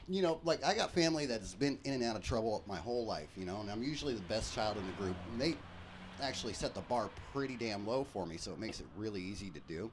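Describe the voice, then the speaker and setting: A man tells comic stories on his live stream, lively and full of swearing. His pitch climbs and falls a lot as he acts out each scene. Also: slight background noise. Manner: profane, animated, quick jokes. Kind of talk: comedic storytelling.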